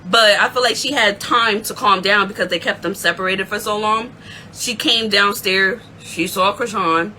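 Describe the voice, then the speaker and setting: A woman hosting a casual recap show, telling the story in an excitable, animated way. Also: medium pitch, normal speed, a little hiss or hum, rough recording. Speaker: aftershow recap host.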